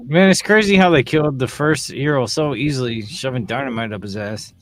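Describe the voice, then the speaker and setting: Relaxed man musing in casual chat. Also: mid-range voice, brisk, no echo, faint music behind. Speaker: podcast co-host. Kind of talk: casual chat about TV shows.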